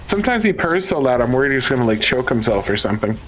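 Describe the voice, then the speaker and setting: A man's voice: medium pitch, sing-song, fast talker, fairly bright tone, poor audio. A man chatting casually and playfully on a gaming stream, rambling and joking. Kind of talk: casual chat.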